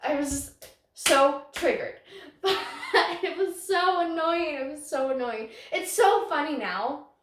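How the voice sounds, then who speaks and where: High-voiced woman, roomy and off-mic. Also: slow pace, fairly bright tone, recorded from a distance. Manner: rambling, self-conscious, laughs often. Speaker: podcast host. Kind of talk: casual storytelling.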